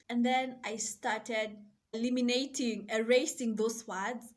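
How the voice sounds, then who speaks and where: Woman, fairly high voice, unhurried pace, soft deliberate reflective talk. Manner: slow, soft and deliberate, with gentle laughs. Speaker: self-love and mindset coach. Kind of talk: reflective personal monologue.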